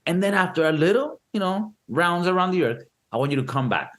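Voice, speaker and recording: A young man on a podcast, casually reviewing a movie and explaining it in an animated, profane way, acting out quotes. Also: high voice, brisk. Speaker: podcast co-host.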